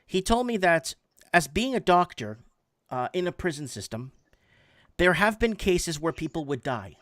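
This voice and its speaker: Animated storytelling man, slightly high voice. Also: normal speed, dry recording, studio quality. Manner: animated, repeats words when emphatic. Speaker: podcast host. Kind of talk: casual storytelling.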